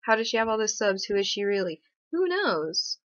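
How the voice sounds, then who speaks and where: A woman's voice: big pitch swings, normal speed, a bit bright, no room sound. A young woman hosting a casual livestream, rambling and sarcastic, with many fillers, recorded on a webcam or laptop mic. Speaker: livestream host. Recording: muffled, dry low-fi stream audio.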